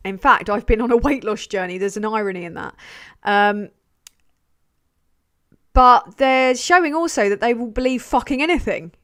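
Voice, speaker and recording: A woman's voice: medium pitch, a bit bright. A woman hosting a livestream. She chats casually, swears and jokes at her own expense while reading donations. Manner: chatty, sweary, self-deprecating. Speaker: livestream host.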